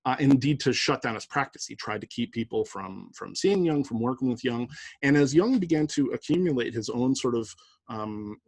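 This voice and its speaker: Husky-voiced male lecturer, chatty. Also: medium pitch, animated, moderate pace, a little mellow, no echo. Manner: conversational, many fillers and "right?" asides. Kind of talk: university lecture.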